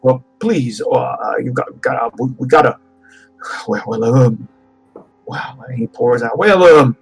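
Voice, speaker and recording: A man's voice: mid-range voice, expressive, unhurried, vocal fry, breathy edge, faint music behind, heavily acted, low-quality recording. A man voicing a nervous male bartender who stammers and fawns over customers. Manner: stammering, fawning.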